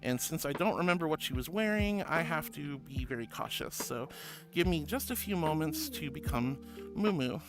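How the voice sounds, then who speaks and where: A woman's voice: deep voice, expressive, moderate pace, music in the background. A woman streaming live, chatting casually with viewers in a bubbly, giggly way, calling them honey and sweetie.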